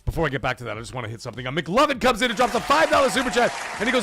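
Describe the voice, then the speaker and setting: A man's voice: medium pitch, huge pitch swings, very fast, vocal fry, hardly any pauses, crowd noise, background noise. A man hosting a casual live stream, talking animatedly, swearing freely and reading viewer messages aloud. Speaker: livestream host.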